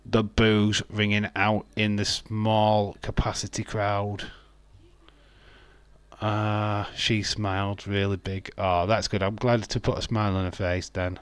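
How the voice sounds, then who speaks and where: Speaking slowly and smoothly in a fairly low, level voice, this English host keeps a live wrestling watch-along chatty and jokey. He reads out viewer chat and responds to it, with no room sound in the recording.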